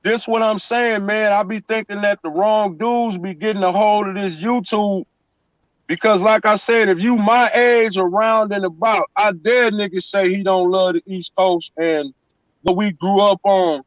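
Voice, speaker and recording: A man talks in a fairly high voice, emphatic and story-driven, and keeps checking in with the listener. The sound is dull and lo-fi, like a call line, and very dry. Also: steady tone, unhurried, no echo. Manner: emphatic street storytelling, repeats "you know what I'm saying". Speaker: guest. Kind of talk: casual chat.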